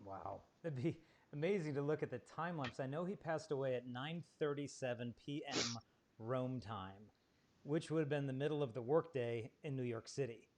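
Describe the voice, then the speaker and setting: A man hosting a podcast, replying to his guest in an enthusiastic, animated way. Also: mid-range voice, moderate pace, slight background noise. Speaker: podcast host. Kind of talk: conversational interview.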